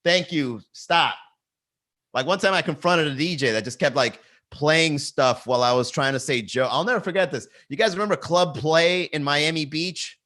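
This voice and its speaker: A man's voice: fairly high pitch, brisk, few pauses, bright, forceful tone. A male comedian hosting a casual livestream from his garage, riffing at a camera and laughing at his own jokes. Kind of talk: casual solo livestream chat. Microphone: talking to a camera.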